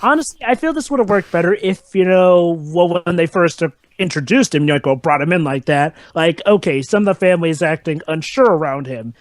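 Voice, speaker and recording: A man's voice: fairly high pitch, a little fast, hardly any pauses, dry recording. A young man rambling through a casual movie commentary, often looping on filler words. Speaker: commentary co-host.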